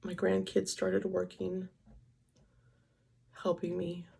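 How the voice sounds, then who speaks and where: A woman's voice: lowish voice, completely flat delivery, slow pace, vocal fry, mellow, slightly rough. An older woman vlogging, speaking in an emotional, tearful and confiding way as she cries. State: crying. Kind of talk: personal vlog.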